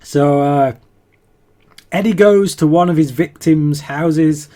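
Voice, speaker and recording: This podcast co-host has a fairly high but dark-toned voice and speaks slowly. He recaps a TV episode in casual chat, laughing a lot and often restarting his sentences.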